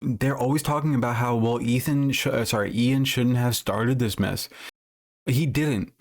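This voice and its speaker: A man's voice: medium pitch, normal speed. A man livestreaming casual commentary, rambling with lots of fillers and self-corrections, blunt and profane.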